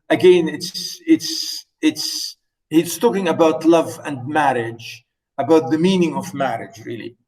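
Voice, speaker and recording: A man giving an enthusiastic lecture on poetry, reading verse lines slowly and with emphasis, and repeating words to drive a point home. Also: a little high, distant mic, poor audio. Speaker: literature lecturer.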